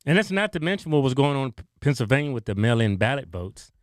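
A middle-aged man co-hosting a casual political commentary show, talking in an excitable, animated way. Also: medium pitch, fast talker, dry recording, studio quality. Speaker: co-host.

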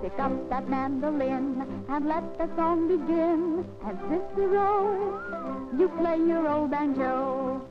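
A woman's voice: sits high, takes it slowly. An actress playing a perky country woman who leads a novelty act in sing-song rhyming patter. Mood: playful. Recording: dull 1940s film soundtrack with loud band music.

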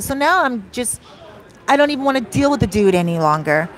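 Chatty woman vlogging outdoors, higher voice. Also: fairly quick. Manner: animated, acts out quoted dialogue. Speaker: vlogger and life coach. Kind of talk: casual storytelling vlog. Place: outdoors near a beach.

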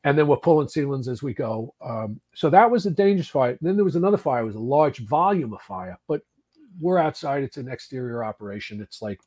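Guest, man, 60s, husky voice; casual, animated storytelling with restarts. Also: medium pitch, a little fast. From United States. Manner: animated, swearing, trails off and restarts. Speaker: podcast guest, actor and volunteer firefighter.

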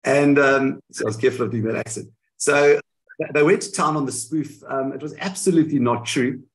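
A man in a candid interview, telling his side of events in an animated way and often correcting himself mid-sentence, heard over a video call. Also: mid-range voice, fairly quick, poor audio. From South Africa. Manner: animated storytelling, frequent self-corrections. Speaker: guest.

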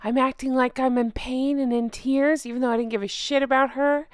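Brief: woman doing a sarcastic fake-sad lady, highish, dry. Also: flat delivery, a little fast, clear, resonant tone, no echo, lightly acted. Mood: mocking. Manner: sarcastic, mocking. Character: fake-sad glamorous woman, mocked in first person.

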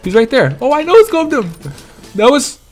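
A young man talks over his gameplay in a loose, joking way, cracking himself up and teasing other players. His pitch swings a lot as he reacts. Faint background music sits under his voice. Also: normal speed. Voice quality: animated, laughs a lot, playful teasing. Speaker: gaming YouTuber. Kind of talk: casual gameplay commentary.

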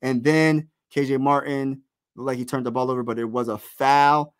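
A man's voice: medium pitch, normal speed, clear, resonant tone. Give me a man hosting a casual live play-by-play stream. He's hyped and slangy, cheering on his team, and he calls out viewers in his chat. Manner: excited partisan, slangy, talks to chat. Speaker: livestream play-by-play host.

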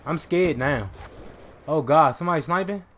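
Young male gamer, live commentary; slightly high voice, excitable, curses and yells at plays. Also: normal speed, a little hiss or hum. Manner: excitable, swears, bursts into shouts. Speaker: gaming commentator.

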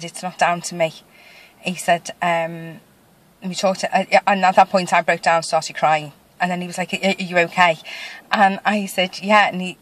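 A woman talking casually in a video diary, retelling a conversation with many fillers and restarts. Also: rough recording. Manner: emotional, voice rising higher toward the end. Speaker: vlogger.

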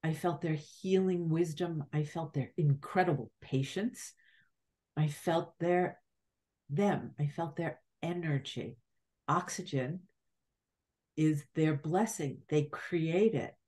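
Podcast guest: middle-aged woman, deep voice, unhurried, reflective spiritual storyteller with halting restarts. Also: warm tone.

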